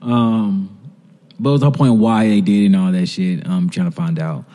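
A man's voice: sits low, steady tone, a little fast, warm tone, big-room sound. A man co-hosting a podcast, retelling a TV episode in loose, profane, laughing casual chat. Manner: profane, rambling, laughs while retelling scenes. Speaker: podcast co-host.

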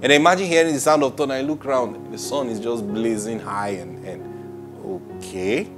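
A man preaching a Bible study sermon, animated, acting out quoted voices and laughing often. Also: medium pitch, moderate pace, music in the background.

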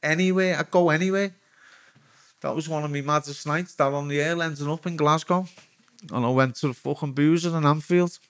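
A man's voice: a little high, fairly even intonation, brisk, dry recording, studio quality. A man in his forties with a Liverpool accent, a former footballer telling his story as a guest in frank, rambling talk full of swearing. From Liverpool, England. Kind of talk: candid storytelling.

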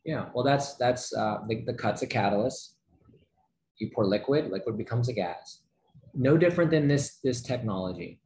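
A man giving a motivational sales training talk, energetic, with rhetorical questions and frequent checks like "right?" to his listeners. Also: mid-range voice, moderate pace, reverberant, a little hiss or hum.

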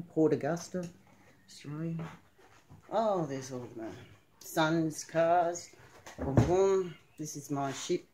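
A woman giving a casual home video tour of her collection, naming the items one by one in a halting way. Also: low voice, dark tone, a little hiss or hum.

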